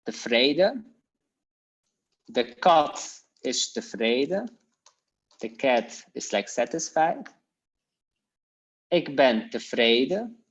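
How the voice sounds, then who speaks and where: A man teaching an informal language lesson, slowly repeating phrases for learners with casual fillers. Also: medium pitch, sing-song, breathy edge, lo-fi sound.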